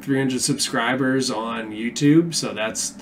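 A man's voice: mid-range voice, slow pace. Laid-back guy cohosting a film podcast, jokey, faint noise behind. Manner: joking, trails off softly at line ends. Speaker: podcast co-host. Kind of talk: casual chat.

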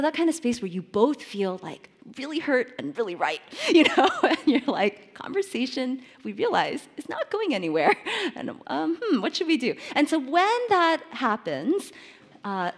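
A woman in her thirties giving a personal faith talk, telling stories with lots of laughter and fillers. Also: on the high side. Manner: animated storytelling, laughs often, many fillers. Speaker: Christian speaker.

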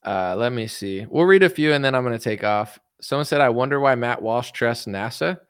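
A man's voice: medium pitch, animated, a little fast, clean tone, no room sound, studio quality. A man from the United States answering viewer questions in a casual, rambling, joking livestream chat. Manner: rambling, joking, reads viewer comments aloud.

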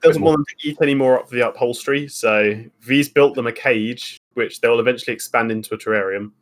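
A man's voice: mid-range voice, a little fast. A man playing a tabletop game, chatty and amused. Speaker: player. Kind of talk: tabletop role-play chat.

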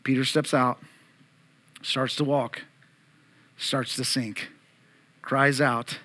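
A man's voice: mid-range voice, level tone, takes it slowly, pauses often, pushed and bright. A male pastor preaching an Easter sermon, earnest and direct, asking his congregation questions as he goes.

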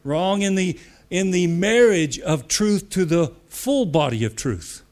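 With a fairly high, expressive voice and a measured pace, an American man delivers a sermon to church leaders. His style is conversational with asides, he repeats phrases to drive points home, and he climbs to loud, emphatic declarations.

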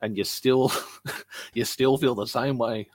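A man's voice: mid-range voice, steady tone, takes it slowly, a little mellow, dry recording. A man co-hosting a casual live-stream podcast, chatty, laughing often and reading viewer comments aloud. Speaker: podcast co-host.

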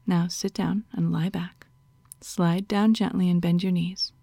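A woman's voice: lowish voice, level tone, a little slow, gravelly, mellow, slightly rough, no room sound, exaggerated voice. A woman voicing a stern, dominant female doctor who gives orders and scolds in a half-whispered voice, as whispered role-play. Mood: commanding.

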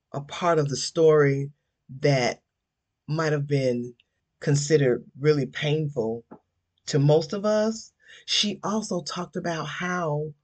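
A woman from Georgia hosting a podcast, talking to listeners in an emphatic, casual way and calling them "y'all". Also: low voice. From Georgia, USA. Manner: calls listeners "y'all", drawn-out emphatic delivery. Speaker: podcast host.

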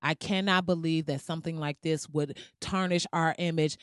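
A woman's voice: deep voice, fairly even intonation, normal speed, dry recording, studio quality. A woman from the United States delivering a heated, sarcastic, profanity-laden commentary rant to her viewers. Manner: heated, sarcastic, heavy swearing. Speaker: vlogger.

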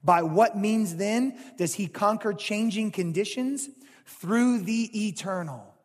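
Husky, high-pitched male pastor, animated sermon delivery, long hall reverb. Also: takes it slowly. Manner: animated preaching, swings from loud to hushed.

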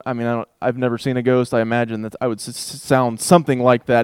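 A man teaching a Bible passage in a relaxed, conversational way, reading verses aloud and thinking out loud with asides. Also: medium pitch, fast talker, few pauses, clean tone, dry recording, studio quality. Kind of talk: casual Bible study talk with scripture reading.

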